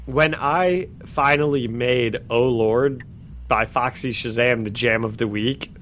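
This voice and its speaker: A man co-hosting a casual comic-book podcast, recapping scenes with animated delivery, acting out the quoted lines and laughing between phrases. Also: mid-range voice, slow pace, slight background noise. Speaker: podcast co-host.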